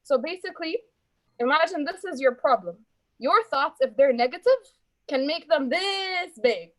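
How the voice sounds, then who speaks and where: A woman's voice: high-pitched, expressive, moderate pace, dry recording, low-quality recording. A woman reports filler-word counts to her speaking club in a chatty, encouraging way and calls people dear. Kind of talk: friendly report and breathing exercise.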